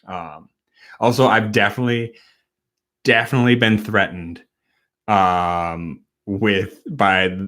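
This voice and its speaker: A man's voice: fairly low pitch, fairly even intonation, a bit bright. Rambling, tipsy man hosting a stream. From Wisconsin. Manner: rambling, halting, with many fillers and restarts. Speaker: host. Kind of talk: casual late-night livestream chat.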